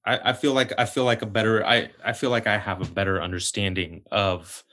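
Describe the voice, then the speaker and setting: A man hosting a podcast, thanking his guest and closing the episode in a halting, restarting way. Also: on the low side, steady tone, a bit bright. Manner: halting, many restarts and fillers. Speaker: podcast host. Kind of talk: casual interview chat.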